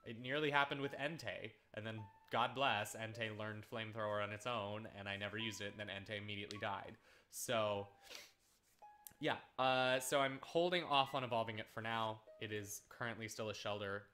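A let's play host comments casually on a video game while playing, sarcastic and often repeating words in exasperation. His fairly low voice is steady, pushed and bright at a normal speed, with a little hiss or hum in the recording.

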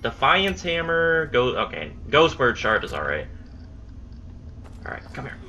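A man's voice: mid-range voice, big pitch swings, unhurried, bright, forceful tone, highs cut off, a little hiss or hum. Frustrated young man swearing through gameplay. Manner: frustrated, swearing, mutters at the enemy. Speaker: gameplay commentator. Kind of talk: casual gaming commentary.

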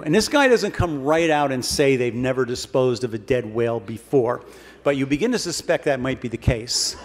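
A man giving a humorous keynote speech to an audience, telling a long comic story in a wry, dry way. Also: medium pitch. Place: large hall before an audience. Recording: long hall reverb, faint background noise.

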